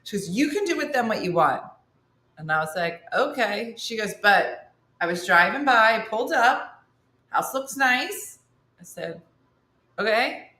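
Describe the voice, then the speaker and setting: Woman comic host, lively storyteller, roomy echo. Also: on the high side, unhurried, pauses often. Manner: animated storyteller acting out friends' voices. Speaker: comedian host. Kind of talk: storytelling stand-up, morning show.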